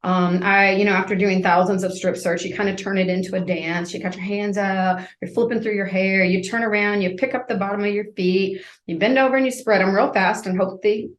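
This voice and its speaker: A woman's voice: medium pitch, steady tone, a little fast, hardly any pauses, roomy sound. A woman in her fifties telling her story as a podcast guest, vividly acting out scenes as she goes.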